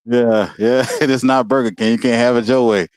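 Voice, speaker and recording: A man telling stories about his school days in a relaxed, casual way, often laughing and saying "you know what I'm saying". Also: mid-range voice, a little fast. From Walterboro, South Carolina. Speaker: guest. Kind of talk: casual storytelling. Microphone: video call.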